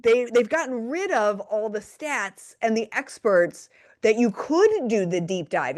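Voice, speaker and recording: A middle-aged woman co-hosting a podcast, speaking emphatically and laughing easily in casual political talk. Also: a little high. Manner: animated, emphatic, quick to laugh. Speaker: podcast co-host.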